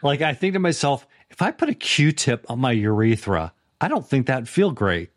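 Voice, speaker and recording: A man's voice: mid-range voice, sing-song, moderate pace. A man co-hosting a podcast in casual chat, making dry, wry remarks. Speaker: podcast co-host.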